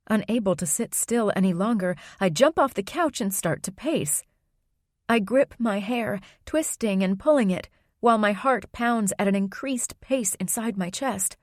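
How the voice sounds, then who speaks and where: A woman's voice: mid-range voice, measured pace, no echo, studio quality. Woman narrating a romance audiobook. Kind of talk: first-person scripted narration.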